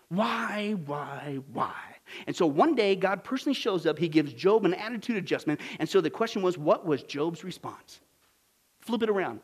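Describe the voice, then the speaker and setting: A man preaching a dramatic sermon, asking the congregation questions and swinging from hushed whispers to loud exclamations. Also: high voice. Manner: asks the congregation rhetorical questions.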